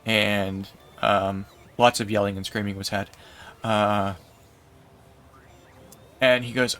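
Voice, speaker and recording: A man livestreaming while gaming, telling a long story in a rambling, unhurried way with lots of fillers. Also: fairly low pitch, steady tone, fairly bright tone, clear, resonant tone.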